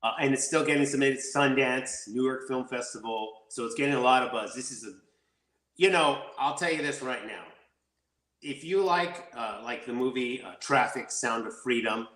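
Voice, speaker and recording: Male actor guest, excitable storyteller, mid pitch, roomy echoey sound. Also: moderate pace. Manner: excitable, rambling, laughs easily. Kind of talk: casual interview chat.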